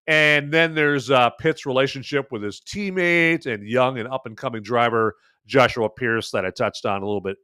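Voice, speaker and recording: A man hosting a podcast and reviewing a film in a loose, chatty way, with plenty of "uh"s and punchy asides. His voice is smooth and resonant, and it sits in a dry, close-miked sound with no room echo. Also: medium pitch, bright, forceful tone. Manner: chatty, filler-heavy, emphatic asides. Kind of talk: casual spoken film review.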